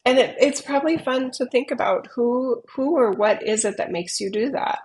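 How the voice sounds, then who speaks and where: Gravelly, husky woman, playful chat. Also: a little high, moderate pace, darkish tone, low-quality recording. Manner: playful, laughs often. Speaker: podcast guest. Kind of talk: casual chat.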